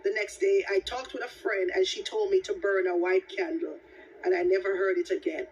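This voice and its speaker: A woman hosting a casual livestream chat, telling her story with lively, dramatic exclamations. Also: medium pitch, moderate pace, slightly rough. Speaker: livestream host. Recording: distant mic with background noise.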